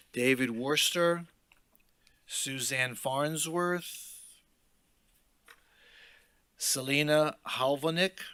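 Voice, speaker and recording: Slow, bright-voiced man calling names. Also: mid-range voice, clear, resonant tone, no room sound. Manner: unhurried, dry asides between names. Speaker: meeting chair. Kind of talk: calling speakers at a public meeting.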